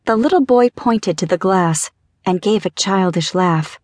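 A woman's voice: medium pitch, a little slow, a little mellow, dry recording. Woman narrating an audiobook, dry. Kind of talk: scripted narration.

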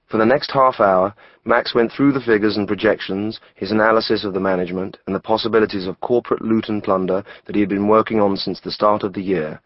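Low-voiced male audiobook narrator. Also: fairly even intonation, no room sound, muffled recording. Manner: wry, measured storytelling. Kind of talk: scripted narration.

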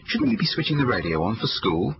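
A man voicing a gentle, distracted, worried mother. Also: mid-range voice, wildly swooping pitch, fairly quick, vocal fry, highs cut off.

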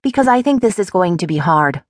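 A woman voicing a caring, practical female friend who speaks briskly and teases gently in an audiobook. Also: lowish voice, big pitch swings, no echo, clean studio sound.

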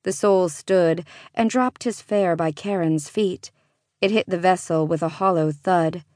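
A woman narrating a fantasy audiobook in a measured, even reading. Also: fairly low pitch, no echo, studio quality. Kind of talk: scripted narration.

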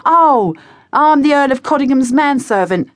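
A woman's voice: high voice, expressive, measured pace, no room sound, studio quality, voice pushed up. A woman voicing a cocky, slangy teenage boy spy who talks in a breezy, conspiratorial way. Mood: sly. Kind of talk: audiobook character voice.

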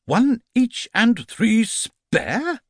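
A man playing a stern, sarcastic middle-aged schoolteacher in a storybook reading, in a high, slow, bellowing voice. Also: very animated, no echo, clean studio sound, exaggerated voice.

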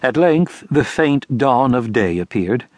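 Here a man performs scripted audiobook narration, unhurried and expressive in a storyteller's way. His pitch is medium; the sound is studio quality, with no echo.

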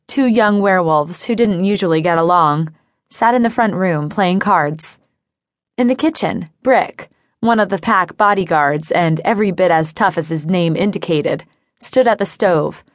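A woman reading a novel aloud in first person, in a measured, even storytelling manner, close to the mic. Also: on the low side, no room sound. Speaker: audiobook narrator. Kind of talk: first-person scripted narration.

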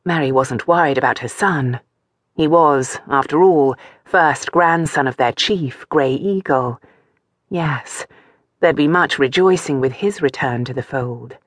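A woman reads a romance novel aloud in a calm, even storytelling manner. Her voice sits low, and the studio recording is dry and close. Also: a little slow, dry recording. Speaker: audiobook narrator. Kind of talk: scripted narration.

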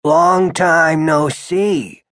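A man voicing an indignant, suspicious old male shopkeeper in an audiobook, with a husky, rattling voice and slow, pointed questions. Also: fairly high pitch, expressive, no echo, studio quality, pitched above the performer's own voice. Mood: stiffly polite. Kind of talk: audiobook character voice.

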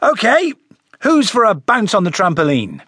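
A male narrator voicing a young boy who calls out to the others with a forced, cheerful brightness. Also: high voice, huge pitch swings, moderate pace, slightly rough, no echo, studio quality, pitched above the performer's own voice, exaggerated voice. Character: young boy host trying to keep peace. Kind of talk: audiobook character voice.

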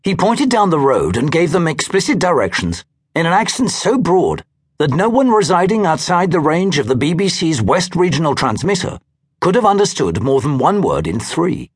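A man narrating a science fiction audiobook with a dry storytelling manner. His voice is husky and sits a touch high. It moves through a lively pitch range. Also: moderate pace.

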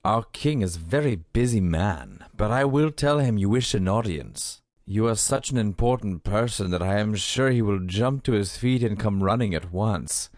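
A man's voice: lowish voice, big pitch swings, moderate pace, hardly any pauses, darkish tone, no room sound. Man voicing a mocking prison guard, sneering, dry close sound. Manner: sneering, taunting. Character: mocking jailer guard, scornful adult man.

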